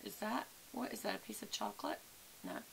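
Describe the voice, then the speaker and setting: Chatty woman with a bright voice. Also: medium pitch, steady tone, a little fast, creaky, a little hiss or hum. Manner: chatty, rambling, addresses viewers as y'all. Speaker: vlogger. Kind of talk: casual chat to camera.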